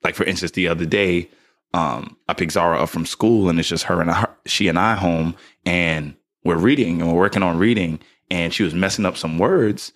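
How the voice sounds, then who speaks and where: A man's voice: sits low, moderate pace. A man co-hosting a podcast, musing in a casual chat and often tagging thoughts with "right?". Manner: relaxed, musing, with frequent "like" and "right?" tags. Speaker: podcast co-host, father.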